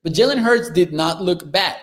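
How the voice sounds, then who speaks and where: A young man from northern Mexico with a Mexican accent, hosting a live sports talk show, reading chat comments and often repeating words as he talks. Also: high voice. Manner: quick, restarts and repeats words, animated. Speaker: sports podcast host.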